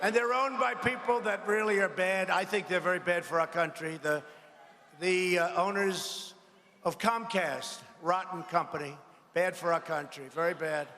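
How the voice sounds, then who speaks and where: Older man, high bright voice, combative mocking rally speech, echoey arena with long reverb. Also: fairly even intonation, normal speed, slight background noise. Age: 70s. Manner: combative, mocking, rambling asides. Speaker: politician addressing a rally. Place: large arena.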